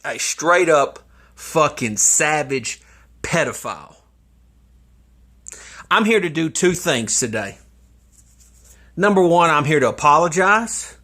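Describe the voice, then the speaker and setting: A man mocking someone in slow, drawn-out commentary. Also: fairly high pitch, expressive, bright, forceful tone. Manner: taunting, drawn-out, laughing between lines. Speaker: YouTube commentator.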